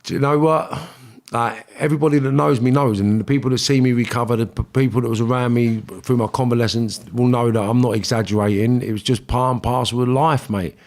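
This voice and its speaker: A man's voice: medium pitch, fairly even intonation, fairly quick, hardly any pauses, darkish tone. A middle-aged man with a London accent, a podcast guest telling stories in casual chat, blunt and full of swearing. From England. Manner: blunt, swearing, acts out quotes in raised voice.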